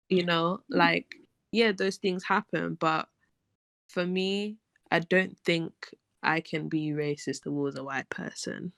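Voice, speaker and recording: A woman's voice: fairly low pitch, fairly even intonation, slow, gravelly, dry recording. A woman, arguing her point with passion in a casual podcast discussion. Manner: passionate, emphatic, argumentative. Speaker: podcast co-host.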